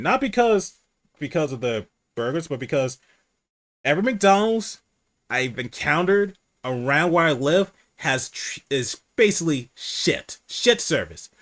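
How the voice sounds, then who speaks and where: A man hosting a casual livestream chat, candid and profane, who says he speaks low and rambles with restarts. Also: very animated, moderate pace, a bit bright.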